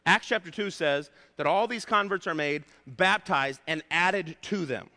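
A male pastor preaching a sermon, emphatic and repeating his key points, slowing down to stress words. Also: on the high side, bright, forceful tone. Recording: long hall reverb.

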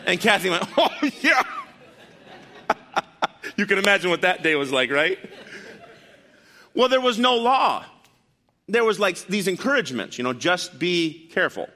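A man preaching a sermon in a church, his fairly high, bright voice swinging widely in pitch. He leans into emphatic, loud lines and then drops low and quiet for asides to the congregation. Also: normal speed. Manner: animated, rising to emphatic bursts, dropping low for asides. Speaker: pastor.

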